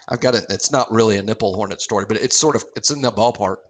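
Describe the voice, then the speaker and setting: A man co-hosting a podcast, chatting casually and reacting to stories with quick jokes and laughter. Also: fairly low pitch, slight background noise. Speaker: podcast co-host. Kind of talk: casual chat.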